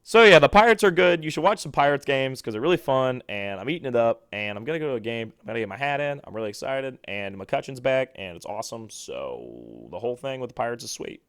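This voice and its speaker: A young man hosting a solo sports podcast, rambling excitably and poking fun at himself. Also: mid-range voice, fast talker, hardly any pauses, smooth, dry recording. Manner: rambling, excitable, self-deprecating. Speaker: podcast host.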